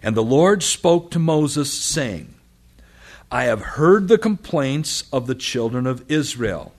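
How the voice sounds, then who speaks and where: A man's voice: medium pitch, takes it slowly. A man preaching a sermon, reading scripture aloud and acting out the voices of the people and of God. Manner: animated, acts out quotes of the people and God. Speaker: pastor.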